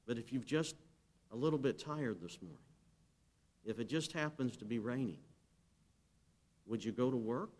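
A man's voice: medium pitch, animated, normal speed, long pauses, a little mellow. A man preaching a sermon as pastor, emphatic and direct. He asks the congregation to answer him and reads scripture aloud.

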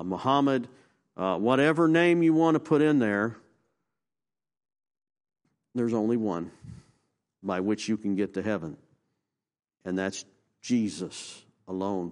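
Slow, emphatic preaching man. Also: a little mellow. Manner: call-and-response questions, emphatic rises and low drops. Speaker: pastor. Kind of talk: sermon.

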